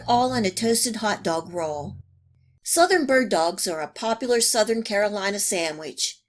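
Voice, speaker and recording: A woman hosting a cooking channel, giving calm, even, step-by-step recipe instructions in a scripted voice-over. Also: on the high side.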